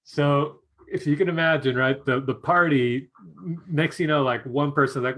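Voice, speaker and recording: A man's voice: mid-range voice, normal speed, a bit bright. Chatty man teaching a live online class. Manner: chatty, keeps asking "right?" and "you guys", laughs often. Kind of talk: casual live-stream teaching with a told anecdote.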